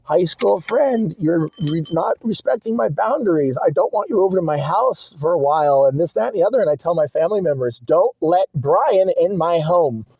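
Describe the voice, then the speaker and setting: A man's voice: high-pitched, animated, a little fast, gravelly, hardly any pauses, warm tone, husky, no room sound. A young man venting in a rambling, agitated monologue from inside his car, swearing and repeating himself. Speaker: vlogger. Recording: dry, muffled lo-fi recording.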